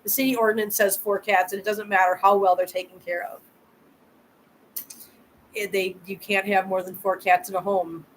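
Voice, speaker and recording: A woman hosts a casual live chat and answers her viewers' comments one after another. Her voice sits at a middling pitch, and she often doubles her words as she talks. A faint hiss of room noise stays under her voice. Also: level tone, normal speed, pauses often, low-quality recording. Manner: chatty, repeats words, answers comments directly. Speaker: channel host.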